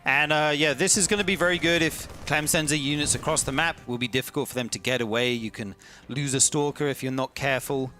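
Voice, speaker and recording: Joking bright-voiced male caster. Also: mid-range voice, steady tone, fast. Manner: joking, playful. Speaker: esports caster. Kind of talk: live game commentary.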